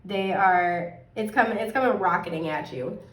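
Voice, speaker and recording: A woman giving a casual tarot card reading, chatty and upbeat, her voice a bit hoarse and often clearing her throat. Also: medium pitch, moderate pace, fairly bright tone, echoey room, far from the mic. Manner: chatty, upbeat, rambling with fillers.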